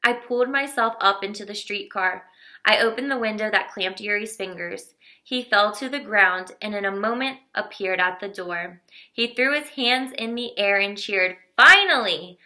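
A woman narrating a children's novel in a steady, expressive reading voice. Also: medium pitch, moderate pace. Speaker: audiobook reader.

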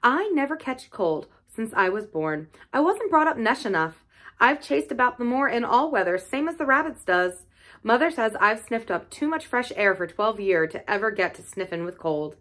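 A woman's voice: a little high, big pitch swings, normal speed, a bit bright. A woman voicing a cheerful twelve-year-old moorland boy with a broad Yorkshire dialect and an easygoing, earthy manner. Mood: proud.

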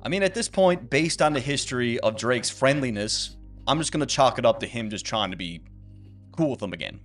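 A man narrates an explainer in a scripted but lively way, landing his points with emphatic asides. Faint background music sits behind his voice. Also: medium pitch, brisk. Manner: animated storytelling with emphatic asides. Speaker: video narrator.

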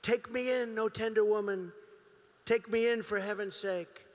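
A man's voice: sits high, steady tone, measured pace. A man voicing a vicious male snake that begs to be taken in and then sneers, read aloud as a poem in a long-reverb hall. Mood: pleading.

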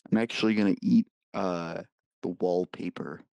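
A man's voice: deep voice, steady tone, moderate pace, creaky, a little mellow, dry recording. A man playing a small playful creature living inside a phone, rambling about what it will eat.

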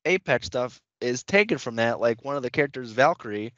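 A man's voice: medium pitch, expressive, a little fast, fairly bright tone, dry recording, lo-fi sound. Laid-back podcast co-host man. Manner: laid-back, agreeable, trails off mid-thought. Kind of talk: casual chat.

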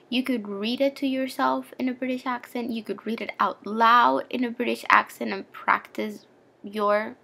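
Young woman, book vlogger, chatty fangirl, slightly high voice, gravelly fry. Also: a bit bright. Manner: gushing, chatty fangirl with playful asides. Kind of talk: casual book recommendation vlog.

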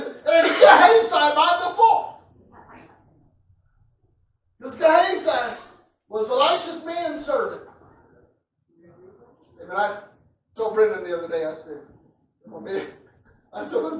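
Preacher shouting in an echoey church. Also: male voice, extremely high pitch, measured pace, pauses often. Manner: builds to loud shouting passages, repeats words, chuckles. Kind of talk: sermon. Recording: echoey church hall from a distant mic with faint noise.

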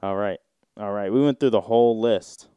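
A man hosting a casual solo podcast, reading search results aloud and riffing on them in a rambling, drawn-out way with sudden mocking outbursts. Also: fairly low pitch, clean tone, dry recording, muffled recording. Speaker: podcast host.

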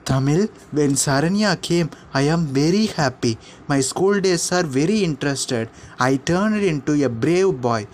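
A man's voice: fairly high pitch, expressive, unhurried, few pauses, a little hiss or hum. A man voicing an earnest boy who apologizes and recounts his lonely school days. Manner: plain, earnest storytelling voice. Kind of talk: storybook drama.

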